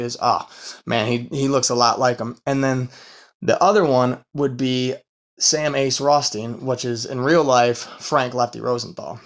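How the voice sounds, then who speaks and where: A man hosting a casual true-crime podcast, rambling and swearing between fillers, tired from a long work week. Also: mid-range voice. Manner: rambling and profane, full of fillers and laughs. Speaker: podcast host.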